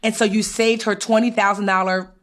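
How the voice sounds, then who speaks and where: A woman co-hosting a podcast who gives casual financial advice and acts out her own inner thoughts with lively quoted asides. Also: medium pitch, fairly quick.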